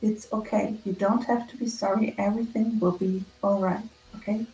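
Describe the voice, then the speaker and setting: A woman's voice: mid-range voice, fairly even intonation, normal speed, dark tone, faint music behind, natural voice. A woman playing a soothing student, roomy echo. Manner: soothing, reassuring. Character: gentle young student comforting a friend.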